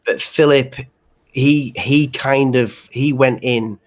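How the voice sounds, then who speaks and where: A man's voice: mid-range voice, slow. A man hosting a casual podcast, easygoing and steering the chat back on topic. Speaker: podcast host.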